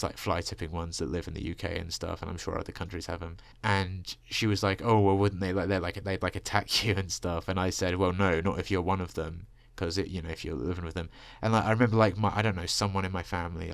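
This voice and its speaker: A man's voice: low-pitched, creaky, no echo. A young man ranting in a rambling personal monologue, profane and full of fillers, into a desk microphone. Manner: ranting, profane, filler-heavy with frequent "like" and "you know". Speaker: vlogger.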